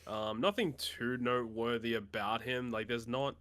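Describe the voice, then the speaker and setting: Young male co-host, bright tone, calm analytical delivery, hedges with ums. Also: mid-range voice, moderate pace, smooth. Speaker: podcast co-host. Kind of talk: casual chat.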